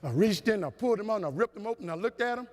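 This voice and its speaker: High-voiced man telling stories in a big hall. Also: racing. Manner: animated, humorous, preacher-like cadence. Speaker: motivational speaker. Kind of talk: storytelling keynote speech. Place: large conference hall. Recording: long hall reverb.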